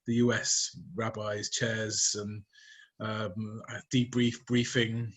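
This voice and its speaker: A man's voice: on the low side, flat delivery, slow pace. A man leading an online class as rabbi, chatting casually on a video call with fillers and asides. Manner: chatty, apologetic, rambling with fillers. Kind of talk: casual chat.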